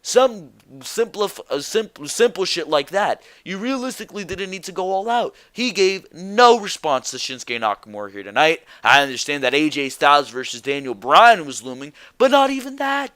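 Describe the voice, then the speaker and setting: A man's voice: fairly high pitch, animated, moderate pace, few pauses, bright, forceful tone, no room sound. A young man reviewing a wrestling show alone, ranting bluntly and swearing freely as he gives his opinions.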